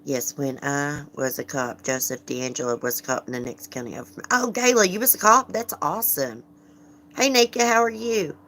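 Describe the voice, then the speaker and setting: A woman with a low voice hosts a casual livestream. She talks frankly and chattily, laughing often and greeting viewers by name as she reads their comments. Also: normal speed, a bit bright. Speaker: livestream host.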